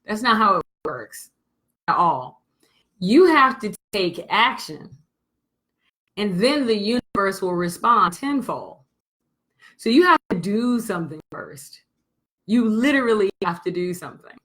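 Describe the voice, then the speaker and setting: A woman business coach telling a candid motivational story to her audience, blunt and animated, and swearing freely. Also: mid-range voice, a little slow, pauses often, poor audio.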